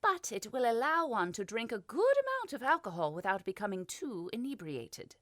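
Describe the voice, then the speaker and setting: A calm, knowing female thief in a fantasy audiobook explains things in a measured way, as a woman narrator puts her on. Her voice moves expressively and sounds dry and close. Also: fairly high pitch, no echo, pitched above the performer's own voice.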